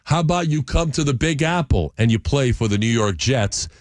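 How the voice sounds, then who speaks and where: A man doing a smooth-talking veteran quarterback. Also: mid-range voice, moderate pace, no room sound, clean studio sound, natural voice. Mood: persuasive. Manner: flattering, salesy.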